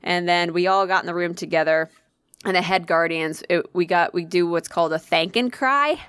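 A young woman casually telling an excitable, profanity-laced story, acting out the voices of the people in it. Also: fairly low pitch, normal speed, smooth, no echo. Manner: excitable, swears freely, acts out quoted voices. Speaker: convention volunteer telling a story.

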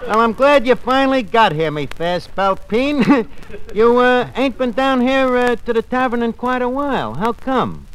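An actor playing a brash, ungrammatical tavern manager in a 1940s radio comedy. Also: male voice, extremely high pitch, sing-song, a little slow, fairly bright tone, clean tone, exaggerated voice, poor audio. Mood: wisecracking. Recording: old radio broadcast with live audience.

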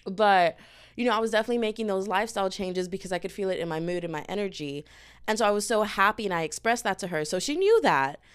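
A young woman hosting a podcast, chatting in an animated, candid way and calling her listeners girl and y'all. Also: medium pitch, quick pace, clear, resonant tone. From family from Dominica, lives in Houston. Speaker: podcast host. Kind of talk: casual personal chat.

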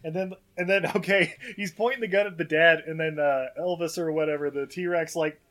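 A man's voice: a little high, steady tone, brisk, a bit bright. A man co-hosting a podcast, recapping a movie in casual chat, laughing often and acting out lines. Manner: laughs often, acts out lines in goofy voices. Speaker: podcast co-host.

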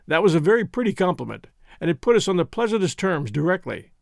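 A man narrating a classic essay in a measured, dry reading style, imitating pronunciations as he goes. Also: sits high, big pitch swings, creaky, dry recording. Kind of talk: scripted narration.

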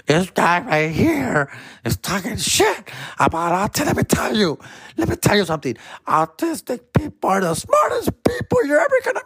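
A man voicing a drunk, indignant mother who scolds in a high, teary, outraged voice. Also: huge pitch swings, moderate pace, fairly bright tone, breathy edge, dry recording, heavily acted. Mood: tearful outrage.

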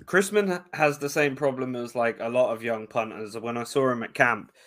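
A man's voice: mid-range voice, normal speed, a bit bright. A man co-hosting a casual sports talk show, swearing freely and ranting with fired-up energy. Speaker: podcast co-host.

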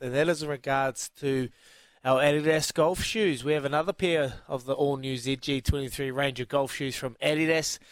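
A man's voice: mid-range voice, a little fast, no echo. A man hosting a breakfast sports radio show, chatty and laughing often, repeating himself as he talks. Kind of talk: casual radio banter.

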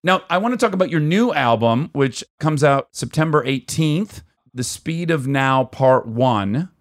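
A man's voice: mid-range voice, lively intonation, a little slow, no echo. Podcast host: man, mid-range voice, dry close sound, curious and inquisitive questioner. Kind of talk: podcast interview conversation.

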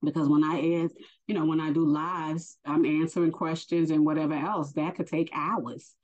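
A woman giving a casual spoken religious lesson, unhurried and hesitant with many fillers. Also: sits low, flat delivery, darkish tone. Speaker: faith teacher. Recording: dull lo-fi recording.

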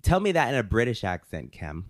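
Low voiced woman reading listener questions on a sister podcast, playful teasing, dry mic. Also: big pitch swings, no echo. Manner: teasing, playful, drawn-out emphasis. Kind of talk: casual sisters' podcast chat.

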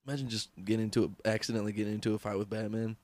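A man's voice: fairly low pitch, flat delivery, rapid-fire, a little mellow, dry recording. A man co-hosting a casual comedy podcast, riffing crudely and laughing a lot. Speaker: podcast co-host.

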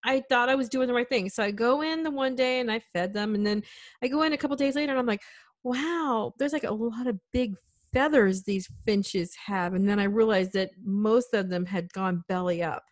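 A woman's voice: a little high, normal speed, dry recording, studio quality. A woman telling a story in casual chat, loose and rambling with lots of fillers. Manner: chatty, full of fillers like "like".

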